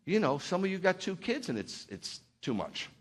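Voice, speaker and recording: A man's voice: high-pitched, very animated, normal speed. A middle-aged man preaching as a pastor in a church, heartfelt and rambling at first, then building to fervent exhortation. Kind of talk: sermon.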